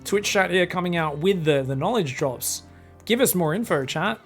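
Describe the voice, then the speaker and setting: A young man casting a strategy game match alone, excitable and crude, swearing freely and joking between plays. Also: high-pitched, moderate pace, faint music behind. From Australia. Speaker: esports caster. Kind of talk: solo game commentary.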